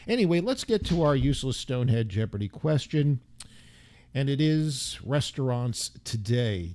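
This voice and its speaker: Host: a man with a mellow, dark tone, meandering and joking at his own expense, in a dry, close-sounding recording. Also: mid-range voice, animated, unhurried, dry recording. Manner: wry, self-deprecating, meandering asides. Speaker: radio show host. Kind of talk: casual rambling monologue.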